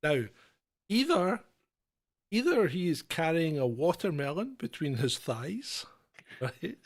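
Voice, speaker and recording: Comedy podcast co-host, male, slightly high voice, rambling storyteller who laughs through his lines. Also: big pitch swings, takes it slowly. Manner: rambling storyteller, laughs often mid-sentence. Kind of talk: casual comedic chat.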